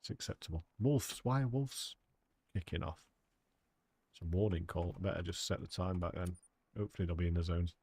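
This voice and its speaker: A man's voice: deep voice, fairly quick, darkish tone, husky. A man giving chatty, rambling live commentary as he plays a hunting game and talks to his chat. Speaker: game streamer.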